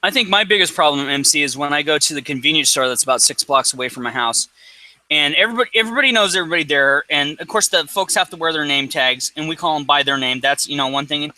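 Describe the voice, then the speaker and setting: Brief: rambling, profane man, high voice, dry close sound. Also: fast, no echo, poor audio. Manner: rambling, profane, animated storyteller. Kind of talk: casual chat storytelling.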